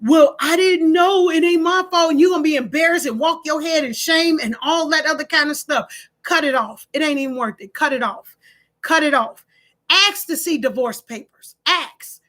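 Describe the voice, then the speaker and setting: High, bright-voiced woman giving blunt advice. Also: normal speed. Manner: animated, preachy, acts out her own quoted lines. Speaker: host of own video page. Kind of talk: casual talk to camera.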